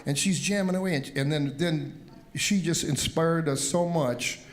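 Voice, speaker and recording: An older man from the Cleveland area recalls his early days as a musician. He talks in a relaxed interview style and acts out what people said as he goes. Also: fairly high pitch, a little slow. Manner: animated storyteller, acts out quotes. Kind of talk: storytelling interview.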